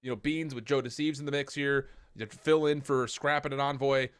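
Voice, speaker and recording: A man's voice: medium pitch, steady tone, brisk, smooth, no echo, clean studio sound. A man casually co-casting an esports match, chatty and jokey, rambling with lots of fillers. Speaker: esports co-stream caster.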